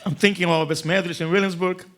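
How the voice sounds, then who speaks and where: High-voiced rabbi telling a funny story. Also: male voice, quick pace. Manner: animated, acts out voices, chuckles often. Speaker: rabbi giving a talk. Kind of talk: humorous storytelling speech.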